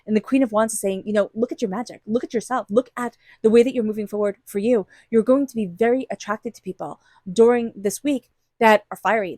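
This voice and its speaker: A woman's voice: mid-range voice, a little mellow, dry recording, studio quality. A woman giving an intuitive tarot reading, talking straight to the listener in an earnest, encouraging way. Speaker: tarot reader.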